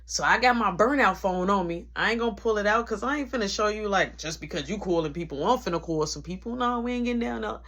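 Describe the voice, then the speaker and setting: A woman's voice: mid-range voice, quick pace, hardly any pauses. Slangy woman telling a workplace story. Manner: animated, slangy, breaks into quoted voices. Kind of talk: casual storytime vlog.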